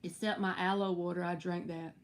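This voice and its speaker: A woman's voice: lowish voice, flat delivery, a little fast, slight background noise. Woman tarot reader on a live stream, casual and chatty, reassuring, tossing in playful slang.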